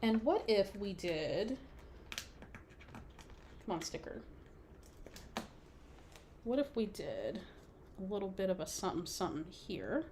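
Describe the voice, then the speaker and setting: A woman's voice: mid-range voice, very animated, slow pace, long pauses, darkish tone, slight background noise. A woman hosting a live scrapbooking stream, chatting playfully with viewers and laughing often as she works. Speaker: scrapbooking livestream host. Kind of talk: casual crafting livestream chat.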